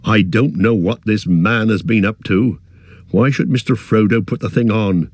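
A man's voice: fairly low pitch, normal speed, a little mellow, slightly rough, no room sound. A man voicing a loyal, stout-hearted male hobbit who talks in an earnest, plain rustic way. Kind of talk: audiobook character voice.

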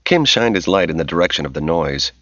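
A man giving a measured, scripted audiobook narration. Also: sits low, lively intonation, fairly bright tone, dry recording. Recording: slightly dull dry recording.

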